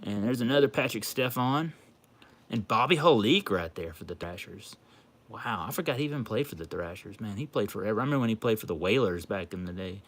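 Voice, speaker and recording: Male livestream host, bright, gushing, excitable; casual chat. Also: fairly low pitch, a little fast. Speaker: card collecting livestream host. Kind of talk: casual livestream chat while opening a package.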